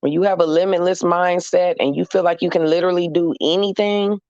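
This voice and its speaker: A man's voice: high voice, fairly even intonation, brisk, a little mellow, clean tone, dry recording. A man talking casually to camera in an emphatic, sassy, repetitive way, as in a vlog monologue. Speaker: vlogger. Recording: dull, dry lo-fi recording.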